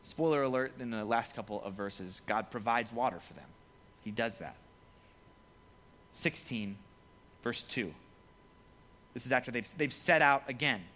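Animated young pastor, bright lively voice. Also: male voice, mid-range voice, unhurried, pauses often, a little hiss or hum. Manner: lively, joking, acts out quoted voices. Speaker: youth pastor. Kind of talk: casual sermon to students.

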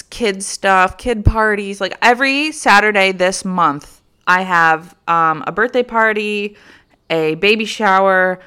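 A woman's voice: mid-range voice, pushed and bright, clean tone. A young woman and mother of three telling a funny story to her viewers in a chatty, casual way, laughing and swearing freely. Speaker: vlogger.

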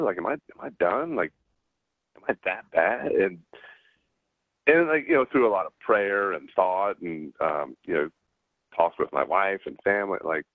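Middle-aged Southern man, interview guest, halting storyteller, low voice over a tinny line. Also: no room sound. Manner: halting, many restarts and fillers. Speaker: guest, former pro pitcher. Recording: dry, tinny phone-like line.

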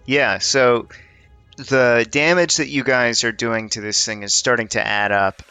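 A man narrating a tabletop game as game master, giving calm, measured rulings. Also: medium pitch, clean tone, no echo, faint music behind.

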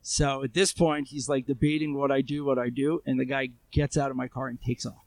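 With a gravelly, creaky, mid-range voice and a level tone, an armed civilian responder from Israel recounts events as an interview guest. He speaks fairly quickly and loosely, with frequent fillers and restarts, sounding close with no room sound.

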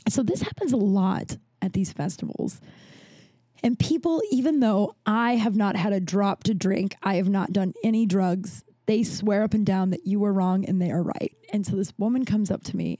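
Young woman podcast host, casual storyteller, mellow timbre, dry close mic. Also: medium pitch, no echo. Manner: rambling, restarts, acts out quoted dialogue.

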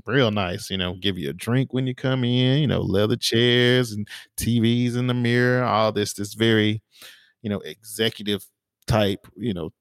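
Relaxed low-voiced man telling stories. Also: no room sound, clean studio sound. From small town in the US. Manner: relaxed storytelling, many fillers and restarts. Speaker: podcast co-host. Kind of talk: casual chat.

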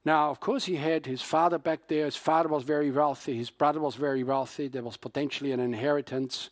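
A man's voice: fairly high pitch, steady tone, fairly quick, dry recording, clean studio sound. A man preaching a sermon, retelling a story with acted-out quotes and frequent fillers. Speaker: pastor.

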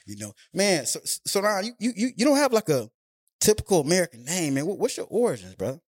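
A man's voice: sits high, very animated, fast, breathy edge, dry recording, studio quality. A man hosting a podcast in casual chat, talking loose and slangy and often asking "you know what I mean". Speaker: podcast host.

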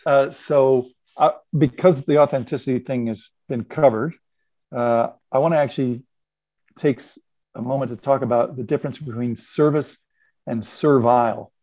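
A man's voice: medium pitch, moderate pace, dark tone, no echo. A man on a discussion panel telling a story and reflecting on it aloud, laughing now and then as he unpacks his points. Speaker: podcast panelist. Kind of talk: conversational storytelling.

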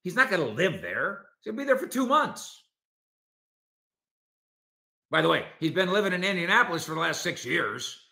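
A man's voice: sits high, normal speed, vocal fry, long pauses, roomy sound. A man hosting a solo sports talk show, arguing his points and talking directly to his listeners. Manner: animated, argumentative, talks to listeners directly. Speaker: sports podcast host.

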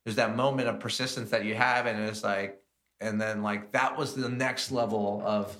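A man, a chef and guest on a podcast, telling his stories in a casual, animated way with plenty of fillers. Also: lowish voice, moderate pace. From United States. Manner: animated, lots of fillers and acted-out quotes. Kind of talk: casual storytelling chat.

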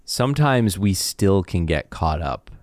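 Deep, lively, mock-earnest man. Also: measured pace, no room sound. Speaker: podcast co-host. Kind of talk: comedic podcast banter.

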